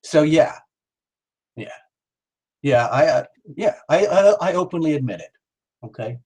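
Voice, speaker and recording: A man's voice: a little high, lively intonation, a little slow, darkish tone, husky. A middle-aged man hosting a live tarot stream, rambling and joking as he calls out viewers by name. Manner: jokey, rambling, talks straight to viewers by name.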